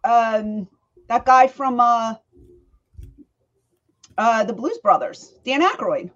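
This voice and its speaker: A woman co-hosting a podcast in casual chat, animated, laughing easily and trailing off mid-sentence. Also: a little high, takes it slowly, highs cut off. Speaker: podcast co-host.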